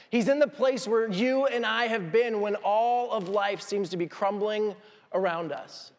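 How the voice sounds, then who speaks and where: Man, pastor, lively sermon, high voice, echoing church hall. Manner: animated storytelling, acting out voices.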